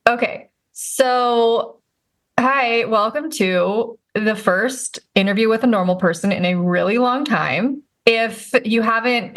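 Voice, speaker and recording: A woman's voice: medium pitch, fairly bright tone. Chatty thirty-something woman hosting a podcast. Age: 30s. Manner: rambling, upbeat, laughs often. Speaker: podcast host and life and career coach. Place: recording remotely, not in the same room as her co-host.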